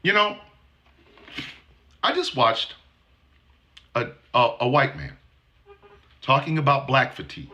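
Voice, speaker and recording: A man's voice: medium pitch, wildly swooping pitch, takes it slowly, long pauses, bright, forceful tone. A Gen X man in his forties or fifties giving a blunt, sarcastic and profane commentary. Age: 40s to 50s. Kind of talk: commentary monologue.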